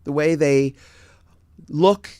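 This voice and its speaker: A middle-aged man from the United States, a guest in a casual chat, meandering and often pausing to find his words. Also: fairly high pitch, dark tone, clear, resonant tone, no echo, studio quality.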